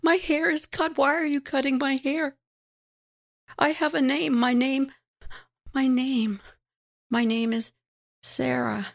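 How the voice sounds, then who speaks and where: A woman speaking as a frightened six-year-old girl taken from home, halting and pleading, at times whispering. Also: high voice, steady tone, creaky, full character voice.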